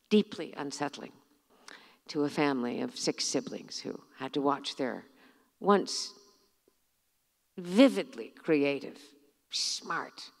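A middle-aged woman reads from her own memoir with measured, theatrical care. Her voice sits on the low side for a woman. The bookstore event room adds a long reverb that rings behind every phrase. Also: gravelly. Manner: measured, expressive, theatrical reading. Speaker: author. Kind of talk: reading aloud from her memoir.

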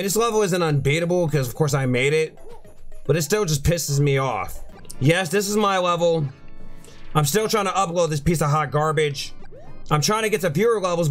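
A young man streaming a video game, ranting and cursing in frustration as he plays. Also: fairly high pitch. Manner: frustrated, swearing, repetitive ranting. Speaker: gaming streamer. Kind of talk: live game commentary.

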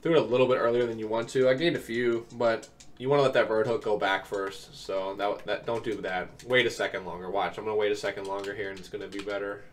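A young man making video game tips speaks fast in a lowish, steady voice. He's recovering from an illness and keeps things laid-back, explaining plays step by step with plenty of ums. A distant mic picks up faint keyboard noise.

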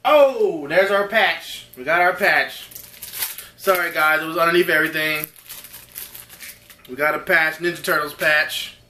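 A man hosting an unboxing video, rambling excitably and talking straight to his viewers. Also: on the high side, a little slow, long pauses, reverberant, a little hiss or hum. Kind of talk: casual unboxing chat.

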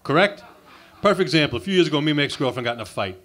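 Man, stand-up comic, abrasive, sarcastic, fairly high voice, club stage mic. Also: lively intonation, rapid-fire, a bit bright. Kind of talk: insult stand-up routine. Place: comedy club open mic.

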